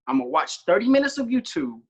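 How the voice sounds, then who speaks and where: A young man in his twenties, a podcast guest, telling animated stories and acting out his own quotes in casual chat. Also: sits high, fast, slightly rough, lo-fi sound. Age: 20s.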